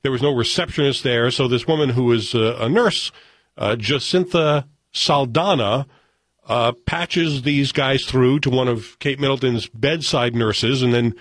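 A man's voice: mid-range voice, measured pace, dry recording. A man hosting a radio talk show, chatting casually in a wry way and reading news items aloud.

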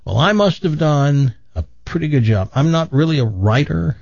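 An older man telling stories from his past in a relaxed, self-deprecating way, with a dull, muffled sound. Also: on the high side, moderate pace, gravelly, few pauses, dry recording. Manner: animated, self-deprecating, acts out quoted voices. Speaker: guest telling his life story. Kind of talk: casual storytelling.

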